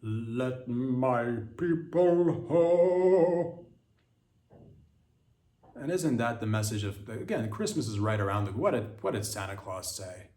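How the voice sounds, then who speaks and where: A man's voice: lowish voice, expressive, brisk, few pauses. A man hosting a podcast, rambling through a crude comedic monologue full of stumbling restarts. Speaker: podcast host. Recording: roomy echo.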